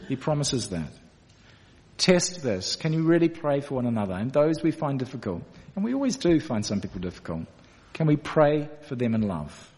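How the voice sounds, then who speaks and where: A man's voice: mid-range voice, very animated, normal speed. A man preaching a sermon in a church, earnest and direct with his congregation. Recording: echoey church hall.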